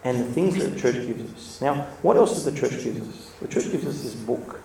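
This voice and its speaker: Relaxed and anecdotal, a church speaker's informal sermon wanders through asides and lively stories, with laughs between points. His middle-pitched voice has a gravelly edge and moves at a normal speed. A distant mic picks him up across an echoey room, with a faint hum of ambience behind him.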